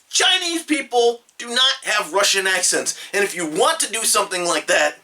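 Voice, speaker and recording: Animated man reviewing games. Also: high-pitched, moderate pace, few pauses, recorded from a distance. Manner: animated, exclamatory, emphatic. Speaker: game reviewer. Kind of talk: video game review.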